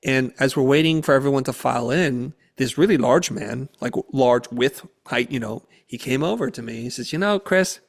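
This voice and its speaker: A man's voice: mid-range voice, moderate pace, vocal fry, few pauses. A man, a guest speaker, telling a story in a podcast interview and acting out the quotes in it. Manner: animated storyteller who acts out the quotes. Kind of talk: conversational storytelling.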